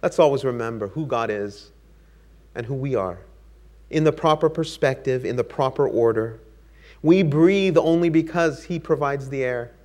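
Man preaching, earnest, stacks up lists in a steady rhythm. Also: medium pitch, moderate pace. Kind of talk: sermon.

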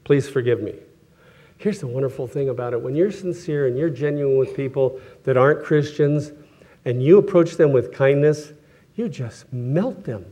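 A middle-aged man preaches in an easy, chatty way, with a voice of middle pitch. He stumbles, restarts and chuckles as he tells stories, and he changes his voice when he quotes the people in them. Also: moderate pace, dark tone. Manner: conversational, self-correcting, chuckles often, acts out quoted voices. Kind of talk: sermon with personal stories.

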